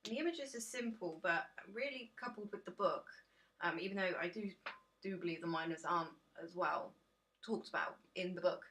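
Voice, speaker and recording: Woman, tired home vlogger, bright clear voice, chatty and rambling with lots of ums. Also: fairly low pitch, normal speed. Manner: chatty, rambling, self-deprecating, many ums. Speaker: tarot vlogger. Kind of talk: casual deck reveal chat.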